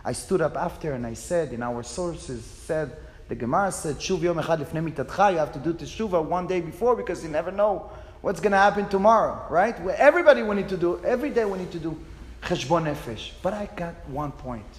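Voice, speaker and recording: A man's voice: a little high, animated, fairly quick, reverberant, big-room sound, low-quality recording. A man, a rabbi, telling a personal story in a passionate, emotional way.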